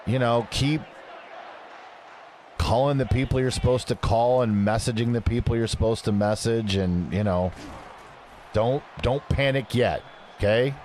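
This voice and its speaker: A man's voice: medium pitch, a little slow, pauses often, darkish tone, a faint crowd, slight background noise. A man chatting casually with his live-stream audience while playing a game, joking and reading chat messages aloud. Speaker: gaming streamer.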